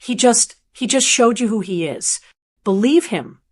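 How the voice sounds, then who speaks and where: Woman doing a fierce grown daughter, super insistent, slightly high voice. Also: measured pace. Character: fierce loyal adult daughter.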